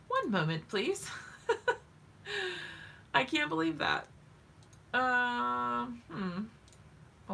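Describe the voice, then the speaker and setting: A chatty woman hosts a live craft stream from home, giggling often and greeting viewers in the chat by name. Her voice has a crisp, bright edge with a gravelly fry underneath, and she talks at a slow, unhurried pace. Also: on the high side.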